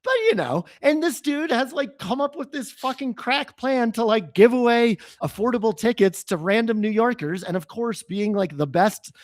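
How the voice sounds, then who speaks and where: Male podcast co-host, fairly high voice, animated and profane, casual political banter. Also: normal speed, hardly any pauses, dry recording, clean studio sound.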